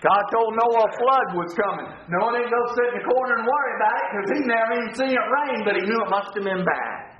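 A man's voice: extremely high pitch, quick pace, hardly any pauses, echoey room, dull audio, slight background noise. A male pastor preaching a sermon in a church, emphatic and repeating his phrases for effect.

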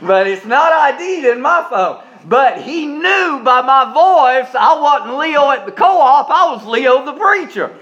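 A man preaching a sermon. His voice sits high and sounds bright and forceful. He swings from booming emphasis to soft, folksy asides, often repeating a word as he gets going. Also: expressive, slow pace, few pauses, dull audio. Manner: emphatic preaching with sudden loud rises and quiet asides; folksy, repeats words when starting sentences.

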